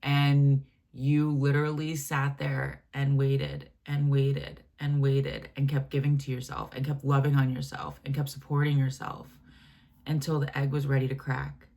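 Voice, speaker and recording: A woman giving a channeled spiritual reading, speaking gently and affectionately in a meandering way with many fillers and restarts. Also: a bass voice, monotone, a little slow, vocal fry. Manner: gentle, affectionate, addresses listener as my love and baby; meandering, filler-heavy, self-correcting. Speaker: channeled message reader.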